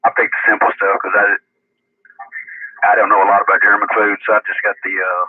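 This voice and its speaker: An older man with a low voice chats on a radio net in a relaxed, halting way, pausing to search for words. His voice comes through a tinny, phone-like radio line. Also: slightly rough, dry recording. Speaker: caller. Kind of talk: casual radio chat.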